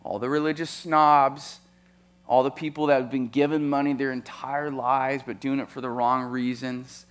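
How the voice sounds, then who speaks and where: A man preaching a sermon, animated, with playful asides and sudden swings between loud and soft. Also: medium pitch, normal speed, smooth. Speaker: pastor.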